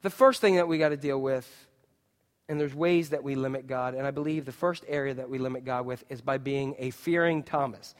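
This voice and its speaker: A man preaching a sermon as pastor, animated, acting out quotes and putting questions to his listeners. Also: medium pitch, fairly quick, in a large hall. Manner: animated, acts out quotes and asks the congregation questions.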